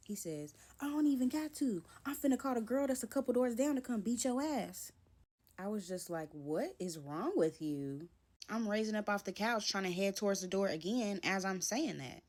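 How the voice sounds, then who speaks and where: A woman's voice: medium pitch, lively intonation, moderate pace, a little mellow. A young woman telling a personal story to camera, animatedly acting out both sides of an argument. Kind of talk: storytime vlog.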